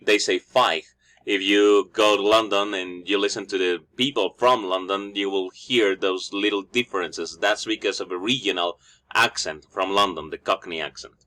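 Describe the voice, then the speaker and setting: Bright-voiced man teaching English pronunciation. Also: low-pitched, steady tone, moderate pace. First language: Spanish. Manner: explanatory, repeats each word after the audio. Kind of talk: phonetics lesson, repeating audio examples.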